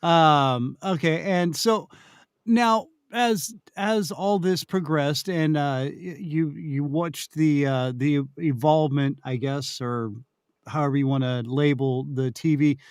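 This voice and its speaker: Male host, slightly high voice, dry close sound, casual rambling questions. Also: clear, resonant tone, no room sound. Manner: loose, halting questions with many fillers. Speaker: podcast host. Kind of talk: casual interview chat.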